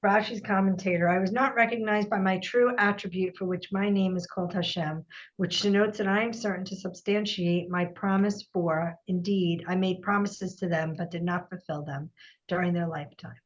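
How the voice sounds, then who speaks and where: A woman reading texts aloud in a steady, measured way during a study class. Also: lowish voice, lo-fi sound.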